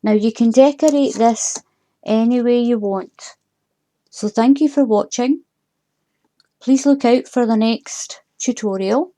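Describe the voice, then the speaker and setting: A woman's voice: a little high, warm tone. An older woman, hosting a casual craft tutorial in a chatty way and repeating warnings with emphasis.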